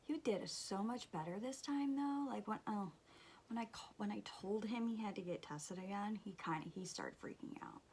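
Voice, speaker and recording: A woman in her thirties chatting casually as she does her makeup, exasperated and often dropping to a soft near-whisper. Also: mid-range voice, moderate pace, slight background noise. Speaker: beauty vlogger, mother. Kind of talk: casual storytelling during a makeup tutorial.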